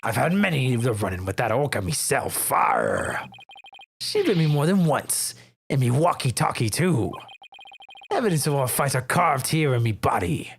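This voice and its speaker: A man voicing a gruff, boastful adult male pirate in a courtroom video game, growling his lines with old-timey pirate talk. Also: mid-range voice, big pitch swings, normal speed, a little hiss or hum, voice pushed down. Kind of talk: reading a game's dialogue aloud in voices.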